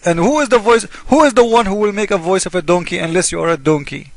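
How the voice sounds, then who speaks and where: A man's voice: high voice, fast, hardly any pauses, dry recording. A man speaking in an emphatic, mocking casual monologue, with broken English grammar. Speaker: video commentator.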